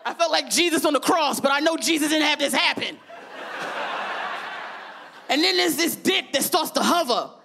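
A woman performing a stand-up comedy routine, brash and profane, shouting her punchlines. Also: sits high, lively intonation, normal speed, pauses often, background noise. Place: festival comedy stage.

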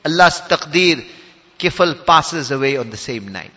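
A man preaching, swinging between hushed and loud, reciting Arabic verses rapidly. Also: a little high, expressive, husky, lo-fi sound. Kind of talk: sermon. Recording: hall reverb.

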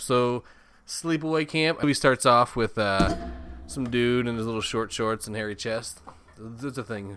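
A man's voice: lowish voice, a bit bright, slight background noise. A man hosting a casual movie review, rambling, swearing a lot and laughing often. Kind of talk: casual chat.

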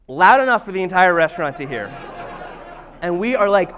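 A man's voice: sits high, expressive, brisk, fairly bright tone. A man in his thirties, a pastor, preaching a conversational, self-deprecating sermon with storytelling. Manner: chatty, self-deprecating, humorous. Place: church service.

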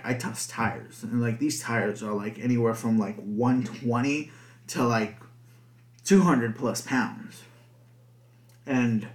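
A young man hosting a podcast alone, rambling casually with lots of swearing and filler words. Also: medium pitch. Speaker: podcast host. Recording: echoey room.

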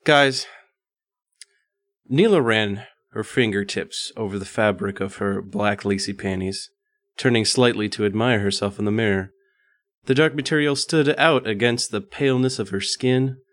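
Man, low-pitched, dry close sound, podcast co-host, reading a steamy story with jokey stumbles. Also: normal speed, no room sound. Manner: joking, reads with mock drama and stumbles. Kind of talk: casual chat and reading smut aloud.

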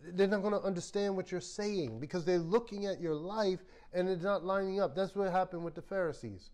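A man preaching a sermon as a Bible study teacher, telling stories with lively acted-out quotes. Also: high voice, fairly quick. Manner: animated storytelling, acts out quoted voices. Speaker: pastor.

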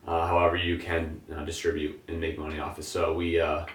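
A young man with a very deep voice chats casually as an interview guest about his work as a grower, rambling and relaxed with plenty of fillers. Recorded from a distance in an echoey room, he talks a little fast.

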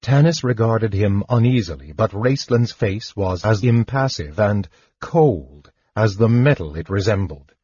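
A man narrates a fantasy audiobook in a low, husky voice. The recording is dull and dry, with no room sound. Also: animated, unhurried, warm tone, no room sound.

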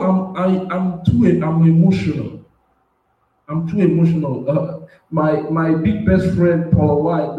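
A man preaching with strong emotion. He stumbles over words, restarts phrases, and his voice surges high and loud when he gets worked up. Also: highs cut off. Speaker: self-styled prophet and preacher. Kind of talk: impassioned spontaneous preaching. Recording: very echoey room, voice far from the mic.

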